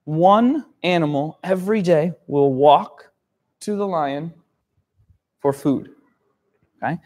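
A man's voice: on the high side, a little mellow. A man telling a simple story to young learners, repeating words, spelling them out and checking understanding with "okay?".

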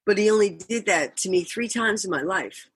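Older woman guest, husky and dry-miked, animated raconteur. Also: medium pitch, normal speed, no room sound. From Boston area, USA. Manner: animated storyteller, laughs often, acts out quotes. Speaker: guest musician. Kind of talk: storytelling interview.

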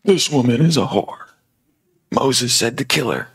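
A man putting on shrill accusing elders. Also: lively intonation, unhurried, a little hiss or hum. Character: crowd of accusing male religious elders.

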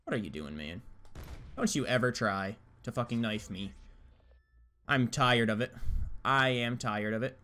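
A man's voice: mid-range voice, a little slow, long pauses, bright, forceful tone. A young man giving live gameplay commentary, trash-talking opponents in a hyped, slangy way. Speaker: gaming YouTuber.

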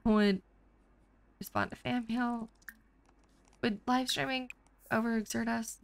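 A woman's voice: on the high side, fairly even intonation, slow, creaky. Chatty, jokey woman gamer. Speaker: gaming channel host. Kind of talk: casual let's play commentary.

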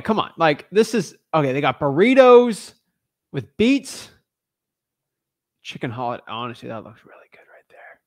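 A man's voice: medium pitch, vocal fry, dry recording, studio quality. A man talking casually to his viewers, joking and thinking aloud as he browses listings. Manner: animated, joking, talks to himself. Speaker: real estate wholesaler. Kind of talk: casual vlog commentary.

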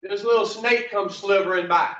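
A man's voice: high voice, steady tone, moderate pace, a bit bright. A man teaching a recovery program class in a blunt, profane, joking way, telling folksy stories. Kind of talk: folksy storytelling lesson. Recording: distant, roomy, muffled.

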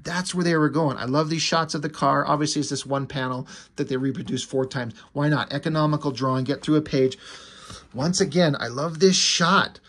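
A man's voice: on the high side, fairly even intonation, fairly quick, fairly bright tone, slightly rough. A man casually reviewing a comic book, enthusiastic and swearing freely, with many fillers. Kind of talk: casual comic review, reading quoted dialogue.

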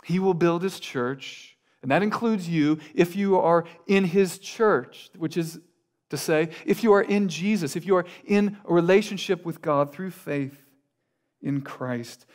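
Male pastor, high-ish voice, earnest sermon delivery with repetition and quiet drops. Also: unhurried.

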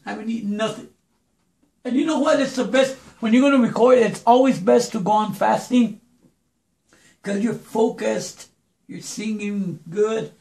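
A hoarse man with a fairly high, gravelly voice chats through a home-studio lesson on stacking and mixing vocals. He talks loosely and keeps calling the listener brother. The room around him sounds echoey. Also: normal speed, a little mellow. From New Mexico. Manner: chatty, calls listener brother. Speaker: music producer teaching vocal recording. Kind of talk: casual home-studio tutorial.

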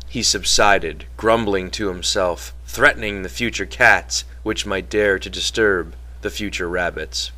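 Bright-voiced man narrating a novel. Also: low voice, steady tone, a little slow, few pauses. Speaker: audiobook reader.

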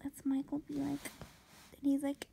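A woman's voice: sits high, monotone, moderate pace, creaky, mellow, slight background noise, poor audio. A young woman vlogger in casual commentary, exclaiming and dropping into whispered asides.

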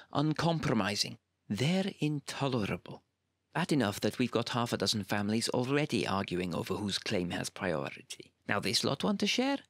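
Fed-up bureaucrat, ranting and indignant, gravelly edge, dry sound, voiced by a male narrator. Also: on the low side, no echo. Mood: exasperated. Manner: ranting, emphatic complaints. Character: exasperated male civil servant, indignant and fed up.

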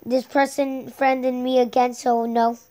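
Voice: high-pitched, level tone, unhurried, dark tone. A gaming channel host giving playful, casual commentary while playing a game, repeating words and joking with guests.

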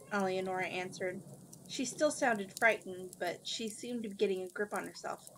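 A woman narrates a children's fantasy book in a steady reading voice, slipping over a word now and then. Her pitch is ordinary for a woman, and a faint background noise sits under the reading. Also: normal speed, rough recording. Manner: steady storybook narration, occasional slips. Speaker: book reader.

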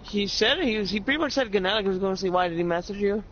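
A man's voice: high voice, rapid-fire, a bit bright. A man chatting casually while gaming, teasing and swearing freely. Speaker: gamer recording a session. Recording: slightly dull lo-fi audio with faint music.

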